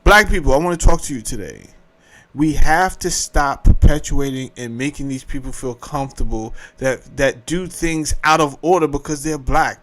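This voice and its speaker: A man giving casual, mocking commentary, animated and swinging between loud and soft. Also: a little high, moderate pace.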